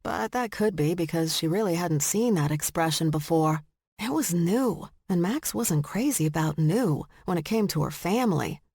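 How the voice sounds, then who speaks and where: A woman narrating a romance audiobook in slow, measured storytelling, recorded close on a studio mic. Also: on the low side, lively intonation, darkish tone, breathy edge, no echo. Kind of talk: scripted narration.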